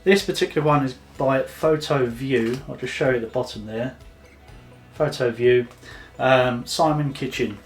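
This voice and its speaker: A chatty man walks through a casual tutorial, loose and unscripted, pausing on fillers as he goes. His pitch sits in an ordinary middle range. Soft music runs faintly behind him. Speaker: photography vlogger.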